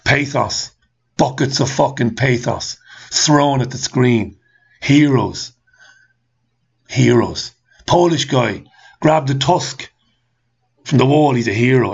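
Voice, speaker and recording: A man's voice: medium pitch, moderate pace, vocal fry, husky, muffled recording. A man hosting a talk show, ranting angrily with repeated rhetorical questions and swearing. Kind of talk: ranting monologue reading listener comments.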